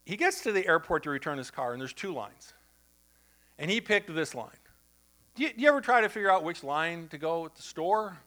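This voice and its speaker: A man preaching a sermon in church, telling a story in a conversational, animated way with asides to the congregation. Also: a little high, fairly quick. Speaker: pastor.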